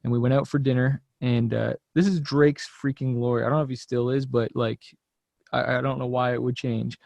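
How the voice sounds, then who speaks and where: A man, a musician guest on a podcast, telling a story in a relaxed, loose way, full of "like" and "you know". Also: mid-range voice, a little fast, creaky, no room sound. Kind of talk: casual chat.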